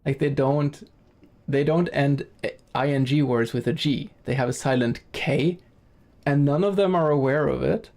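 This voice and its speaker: A male streamer chats with his viewers while he plays, his talk rambling and full of small self-corrections. His voice sits a bit high for a man, with a gravelly, fry-edged texture and a warm, mellow tone. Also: a little slow. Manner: rambling and chatty, self-correcting, laughs easily. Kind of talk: casual game-stream commentary, chatting with viewers.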